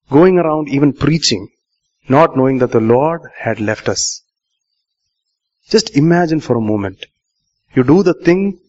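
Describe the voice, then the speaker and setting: Male pastor, muffled sermon recording. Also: fairly high pitch. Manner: questions the congregation, repeats lines for emphasis.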